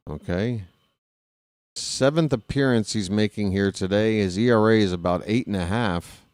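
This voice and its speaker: A man's voice: fairly low pitch, darkish tone, clean tone, no room sound. A man calling a baseball game live as a fan play-by-play host, rooting openly for his team in a chatty way. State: hiccups.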